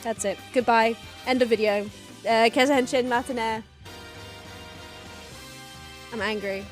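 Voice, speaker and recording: A young woman hosting a casual reaction video, excitable, gasping, laughing and swearing as she talks. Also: fairly high pitch, brisk, faint music behind. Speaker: host reacting to a TV show.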